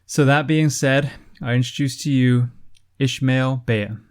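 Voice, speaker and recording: Male podcast host, mid-pitched, earnest and emphatic, filler-heavy delivery. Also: steady tone, unhurried. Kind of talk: podcast intro and interview.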